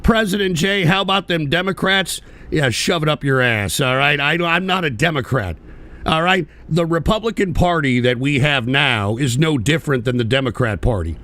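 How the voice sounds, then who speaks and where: A man's voice: fairly high pitch, normal speed, pushed and bright. A man hosting an online political show, ranting bitterly and profanely in a repetitive way. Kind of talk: livestream rant.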